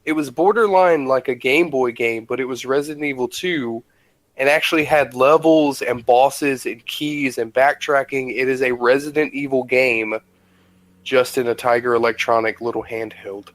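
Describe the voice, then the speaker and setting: A man's voice: medium pitch, fairly even intonation, normal speed, no room sound, rough recording. A man co-hosting a podcast, chatting casually and enthusiastically with lots of "like" fillers. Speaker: podcast co-host. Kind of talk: casual chat.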